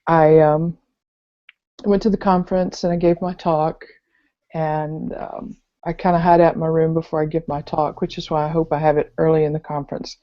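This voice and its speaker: A woman's voice: low-pitched, flat delivery, moderate pace. A middle-aged woman with a Southern US accent, rambling through a story as a guest co-host in a casual chat over a video call. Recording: dull lo-fi call audio.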